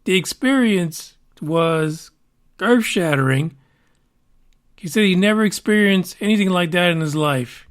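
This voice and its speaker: A man's voice: high-pitched, animated, unhurried. A man hosting a podcast, talking casually and rambling, with fillers and the odd swear word. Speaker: podcast host.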